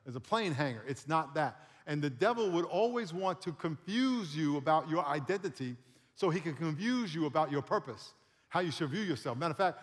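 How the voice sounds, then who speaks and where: Man preaching in an echoing church hall. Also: fairly high pitch. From San Diego area. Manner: lively, joking preacher who laughs and leads the crowd in call-and-response. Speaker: pastor. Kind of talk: sermon. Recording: long hall reverb.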